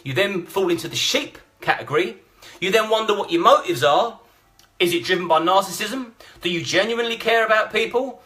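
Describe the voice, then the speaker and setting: A man's voice: high voice, animated, a little fast, bright, forceful tone. A blunt, combative man, ranting and swearing through live-stream commentary. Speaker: vlogger.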